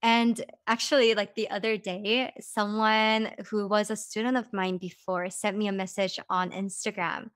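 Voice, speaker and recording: A woman's voice: mid-range voice, little pitch movement, moderate pace, few pauses, a bit bright, smooth, no room sound, studio quality. A young woman hosting a podcast, talking casually and reflectively, with frequent "like" and light laughs. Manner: chatty, says "like" often, laughs lightly. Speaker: podcast host.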